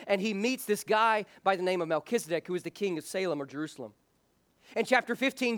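A man's voice: sits high, a bit bright, dry recording. A man preaching a sermon as pastor, speaking earnestly and frankly, often restarting his phrases.

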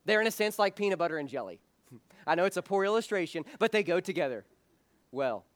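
A male pastor with a high-pitched voice preaching a sermon. He talks in an earnest, frank way and often repeats the start of a phrase. The sound is close and dry, with no room echo. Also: expressive, brisk.

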